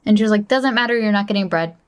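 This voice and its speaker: A woman co-hosting a podcast, talking casually about a film in a relaxed, chatty way and laughing along. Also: medium pitch, very fast. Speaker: podcast co-host. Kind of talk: casual movie chat.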